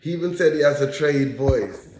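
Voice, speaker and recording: A man's voice: fairly high pitch, moderate pace, darkish tone, a little hiss or hum. A young man telling a story casually, repeating lines for emphasis and checking in with "yeah?". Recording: echoey room.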